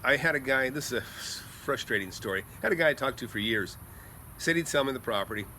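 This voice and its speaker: A middle-aged man telling rambling, animated stories as a real estate investor, chatting casually outdoors by a pool at night. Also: medium pitch, a little fast, a little hiss or hum. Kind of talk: casual storytelling vlog.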